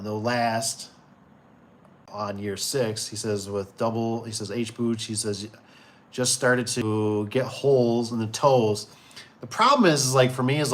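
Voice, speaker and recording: With a mid-range voice, a man in his forties hosts a casual livestream for his door and gate business. He reads viewers' comments out loud and rambles with ease, peppering his talk with fillers and restarts.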